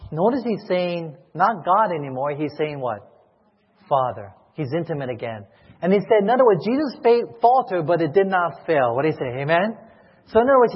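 A man's voice: on the high side, breathy edge. A man preaching a sermon as a pastor, pleading emotionally and asking repeated questions to his church. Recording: echoey hall, muffled lo-fi sound.

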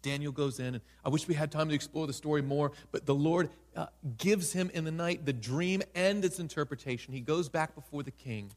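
A man preaching a sermon with animated storytelling and playful asides. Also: a little high, fairly quick, hardly any pauses. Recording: long hall reverb.

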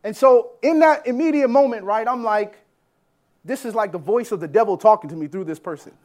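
High-voiced man preaching a lively sermon. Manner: animated storytelling, quick swings from loud to hushed. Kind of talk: sermon testimony.

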